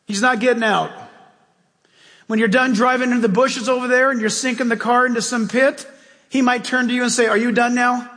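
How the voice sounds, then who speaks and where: A man preaches from the pulpit in a strikingly high voice. His talk is emphatic and conversational, full of folksy asides. Long reverb from a large church hall trails every phrase. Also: fairly even intonation, a little fast, fairly bright tone. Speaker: pastor. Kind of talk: sermon.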